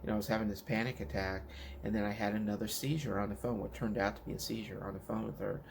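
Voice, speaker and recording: Guy vlogging at home, low gravelly voice, kinda flat, lots of ums and restarts, faint hiss behind. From Washington State, United States. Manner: halting, many fillers and restarts. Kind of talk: personal storytelling to camera. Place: living room at home.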